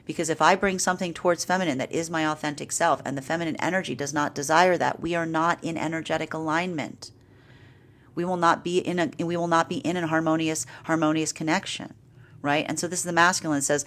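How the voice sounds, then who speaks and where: A woman's voice: sits low, fairly quick. A woman giving a live tarot reading, talking through spiritual energy with frequent "right?" tags and playful acted-out inner dialogues. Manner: animated, laughing, plays out inner dialogues. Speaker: tarot reader.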